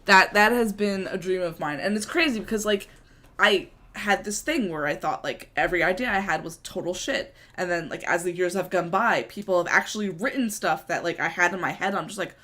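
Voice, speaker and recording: A woman's voice: lowish voice, a little fast, pushed and bright. A young woman co-hosting a casual podcast. She laughs often and swears freely. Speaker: podcast co-host and streamer. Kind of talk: casual chat.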